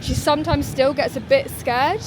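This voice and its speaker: British woman, travel vlogger, gushing and excitable, slightly high, noisy outdoor phone audio. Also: moderate pace. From Britain. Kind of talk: casual vlog chat to camera.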